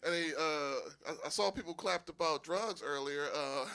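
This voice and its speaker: Against a noisy background, a man from Philadelphia delivers a stand-up set in a small live venue with an audience, his voice fairly high and gravelly at a moderate pace. He tells loose, animated stories and laughs frequently at his own jokes.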